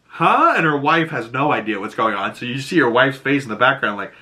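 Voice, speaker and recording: A man with a Boston accent, hosting a casual recap of a TV episode. He talks in an animated way, laughs often, and jumps into high put-on voices when he quotes characters. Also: fast talker. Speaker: YouTube show host.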